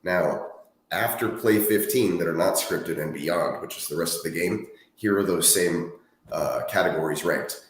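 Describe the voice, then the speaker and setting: A man's voice: deep voice, moderate pace, very echoey. A man co-hosting a sports podcast, laid-back, running through stats and chatting. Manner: laid-back, reads stats in a steady list. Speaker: podcast co-host. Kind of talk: casual sports chat.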